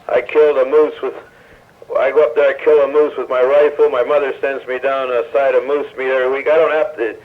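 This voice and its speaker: A man's voice: medium pitch, level tone, fairly quick. A man guesting as a wrestler, boasting and trading insults in a blustering, brash way. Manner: blustering, insulting, brags of a manly voice. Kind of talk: boastful heel wrestler talk on radio. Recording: narrow tinny 1970s radio broadcast.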